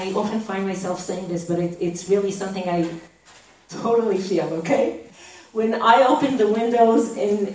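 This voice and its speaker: A woman's voice: a little high, a little mellow. A woman gives a conversational Torah lecture, often checking in with "okay?". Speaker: Torah teacher. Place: large echoey hall. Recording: echoey hall, distant mic, faint noise.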